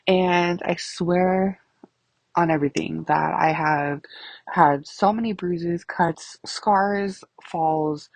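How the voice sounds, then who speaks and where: A woman in her thirties hosts her own podcast, speaking slowly in a lowish voice on a dry recording. It's a casual storytelling monologue, and she's animated, swears a lot, and laughs often.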